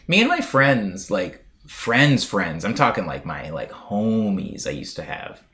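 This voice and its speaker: A young American man chats loosely on a live stream, drifting from story to story and reading messages aloud. His pitch swings widely and animatedly through each sentence, and he fills the gaps with a relaxed, playful ramble. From United States. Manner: rambling, chatty, playful, lots of fillers.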